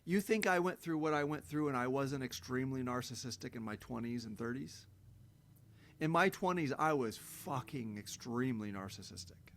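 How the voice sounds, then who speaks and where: A man's voice: medium pitch, animated, moderate pace. A middle-aged man giving a blunt, profane self-help monologue, breaking into heated emphatic rants. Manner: mocks others in sing-song quoted voices. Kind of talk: unscripted monologue.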